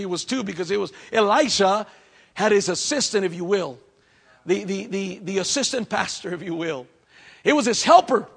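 Bright high-voiced preaching man. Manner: dramatic preaching, swinging from loud to hushed. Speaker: pastor. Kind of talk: sermon.

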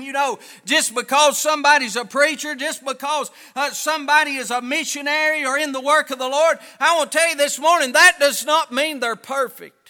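Fervent high-voiced preacher. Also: male voice, normal speed, hardly any pauses, sharp tone, big-room sound. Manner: fervent, dramatic, acts out excuses. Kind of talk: sermon.

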